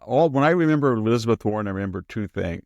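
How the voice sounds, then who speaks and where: A low-voiced man hosts a podcast of casual political talk, telling stories with energy and chuckling as he goes. He drops into mocking little impressions of the people he quotes. The sound is dry and close, with no room around it. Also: rapid-fire, no room sound, lo-fi sound. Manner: animated storyteller, quotes people in mimicking asides; chuckles mid-sentence. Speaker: podcast host.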